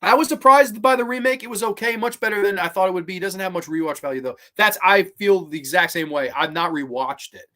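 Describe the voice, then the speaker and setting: A man hosting a horror review show, chatting casually on a livestream and answering viewer comments in an excitable, profane, rambling way. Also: sits high, quick pace, few pauses.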